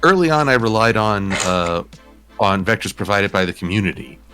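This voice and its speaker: A man answers interview questions in a casual chat. His voice is bright, and his pitch moves around a lot. He talks in a measured, reflective way, often pausing to find the next word. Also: expressive, soft background music. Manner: measured and thoughtful, with frequent "uh" pauses. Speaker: interview guest, digital artist.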